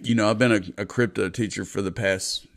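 A man's voice: on the low side, fairly even intonation, a little fast. A man in his fifties from Texas, hosting a casual crypto commentary video in a blunt, profane, talkative way. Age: 50s. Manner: blunt, profane, chatty with swings of loudness. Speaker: crypto show host.

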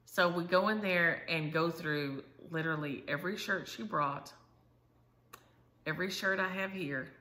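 Chatty woman, bright voice. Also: lowish voice, unhurried. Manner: chatty storyteller, says "y'all". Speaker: Flosstube host. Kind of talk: casual chat.

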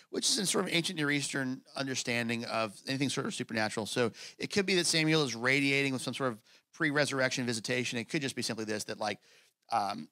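A man preaching a sermon as pastor in an animated, conversational way, with casual asides. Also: medium pitch, dry recording. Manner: acts out scripture quotes in character voices.

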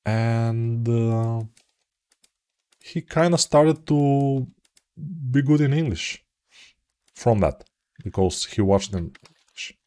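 A man's voice: medium pitch, slow, pauses often, dark tone, smooth. A middle-aged man with a Bulgarian accent, rambling with silly jokes while he works through a 3D modeling tutorial. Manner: rambling, self-mocking, jokey asides. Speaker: 3D art tutor. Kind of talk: live commented modeling tutorial.

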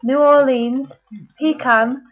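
A British woman with a fairly high voice reads out a word list one word at a time, then chats through her answers. The sound is thin and tinny, like a phone line. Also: fairly even intonation, slow. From United Kingdom. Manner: chatty, reads words one by one. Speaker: vlogger.

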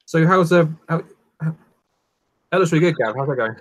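A man's voice: a little high, expressive, normal speed, no echo. A man chatting on a live call, hesitant and repeating his words. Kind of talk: casual group chat on a live call.

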